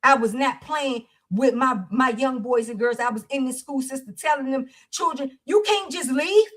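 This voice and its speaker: A woman's voice: high voice, moderate pace, a bit bright. A woman hosting a livestream support circle, speaking in a fervent, preacher-like way. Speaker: host. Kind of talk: livestream talk.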